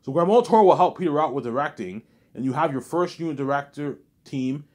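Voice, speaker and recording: A man's voice: on the high side, expressive, fast talker, darkish tone. A man talking in a rambling, repetitive monologue, often restarting and adding "you know what I'm saying". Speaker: vlogger.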